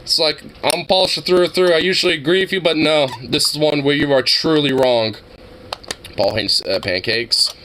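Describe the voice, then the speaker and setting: Young guy rambling on his stream, bright punchy voice, swears a lot, bit of hiss behind. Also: on the high side, normal speed. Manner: rambling, profane, laughs often. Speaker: livestream host. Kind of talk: casual stream chat.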